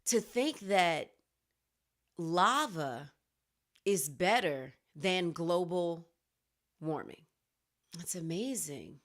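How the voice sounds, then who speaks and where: A woman hosts a weekly news commentary show and addresses viewers directly. Her voice sits somewhat low. Her delivery is animated and indignant. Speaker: show host.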